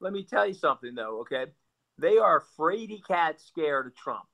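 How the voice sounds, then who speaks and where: A man's voice: fairly high pitch, sing-song, moderate pace, vocal fry, pushed and bright. A male guest talking politics bluntly and sarcastically, often repeating words as he builds a point. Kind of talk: animated political talk.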